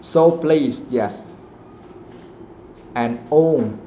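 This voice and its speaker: A male English teacher, working through a live lesson in a mellow, low-key voice and pausing often to ask "okay?". He sounds like he is in an echoey room with a faint hiss underneath. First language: Vietnamese. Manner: explanatory, keeps checking with "okay?". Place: classroom.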